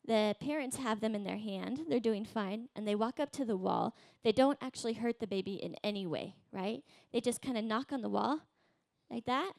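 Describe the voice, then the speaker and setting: A woman pastor in her thirties giving a sermon in a chatty, conversational way, often checking in with "right?". Her voice sits a little high, and the close mic sounds dry and plain, with no room behind it. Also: moderate pace, gravelly, darkish tone, no room sound. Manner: conversational, tags points with "right?"; acts out voices in quotes, rising high.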